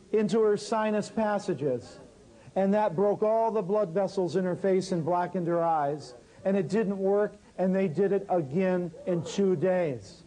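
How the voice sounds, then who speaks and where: A man's voice: sits high, low-quality recording. A man teaching a natural healing workshop, telling a story and talking straight to his audience. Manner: lively, talks straight to the audience.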